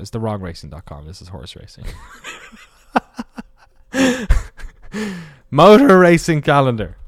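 A man talks through a solo podcast off the cuff, rambling and swearing and catching his own slips as he goes. His voice sits a little low. The sound is close and dry, with no room around it. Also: creaky, a little mellow, dry recording. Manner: rambling, off-the-cuff, swears, corrects himself often. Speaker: podcast host.

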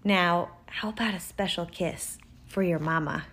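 A woman voicing a calm, gentle mother. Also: on the low side, unhurried, breathy edge. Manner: gentle, reasonable.

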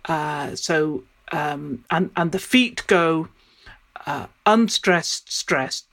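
A low-voiced woman with a fairly bright tone speaks slowly. She's a Shakespeare studies professor in an interview, thinking out loud and often pausing to start her sentences over.

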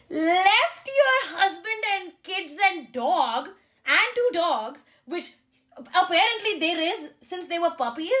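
A young woman hosting a casual pop-culture podcast, talking in an animated, sarcastic way with quick asides. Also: extremely high pitch. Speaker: podcast host.

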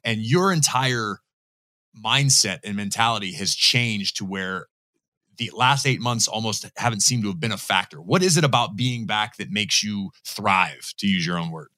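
A man's voice: fairly low pitch, lively intonation, normal speed, pushed and bright, no echo. A man hosting an interview, asking questions and cracking playful jokes. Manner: joking, playful. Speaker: interview host. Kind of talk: casual interview chat.

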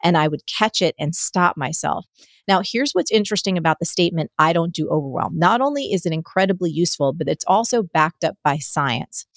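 Animated lower-voiced woman telling stories. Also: fairly quick, no room sound. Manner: energetic, animated storyteller. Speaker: guest. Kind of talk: podcast interview, storytelling.

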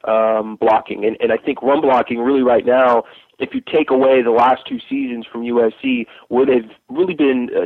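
A man holds forth on football recruiting in a loose, rambling way, circling back through fillers and restarts. His voice sits at an ordinary pitch and comes through a thin, tinny phone line. The sound is dry and close. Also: dry recording. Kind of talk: casual podcast chat.

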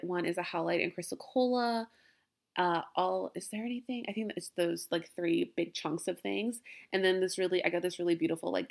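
A woman's voice: lowish voice, gravelly. A young woman hosting a podcast from her den at home, talking casually and emotionally in a rambling way with frequent laughs. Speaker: podcast host. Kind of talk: casual heartfelt farewell talk. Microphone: laptop.

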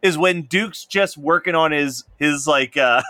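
A man co-hosting a podcast in casual chat, laughing often and mimicking people in high voices. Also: unhurried, pushed and bright, no echo. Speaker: podcast co-host.

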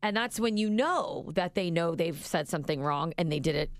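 Female radio co-host, 30s, gravelly and animated, dry close mic. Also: lowish voice, normal speed, no room sound. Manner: animated, laughing, acts out quoted lines. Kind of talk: casual storytelling chat.

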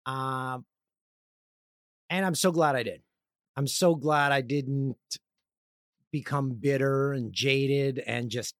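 A man's voice: medium pitch, no echo, studio quality. A man in his forties hosting a podcast, talking in a rambling, candid casual monologue. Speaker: podcast host.

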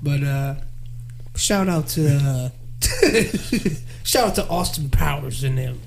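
A man's voice: mid-range voice, slow pace, gravelly, a little hiss or hum. A man hosting a podcast, chatting casually, joking and laughing easily. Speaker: podcast host. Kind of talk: casual chat.

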